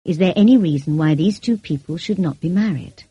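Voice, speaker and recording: A grave male priest speaks in a solemn, formal way, as a woman reading an audiobook voices him. The voice is low, mellow and a bit husky, recorded dry and close. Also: a little fast, no echo, lo-fi sound.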